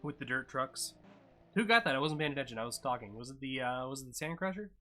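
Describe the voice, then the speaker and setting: A man's voice: medium pitch, fast talker. Chatty man calling a stream race. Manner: chatty and offhand, jumps to excited yelps at crashes. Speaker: streamer commentating a racing sim. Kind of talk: casual live-stream race commentary.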